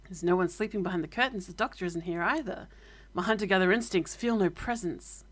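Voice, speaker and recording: A woman's voice: on the low side, quick pace, close to an everyday voice. A woman reading a polite young schoolgirl.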